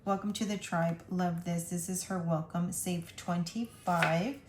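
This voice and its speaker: A woman's voice: fairly low pitch, fairly even intonation, unhurried. A woman hosting a casual budgeting vlog, chatty and gushing as she opens mail and reads notes aloud. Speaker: budgeting channel host. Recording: echoey room, faint noise.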